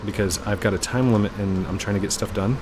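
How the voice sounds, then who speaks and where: A man hosting a gaming video, commentating in an excitable, rushed and joking manner. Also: lowish voice, noisy background. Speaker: gaming channel host. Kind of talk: game commentary.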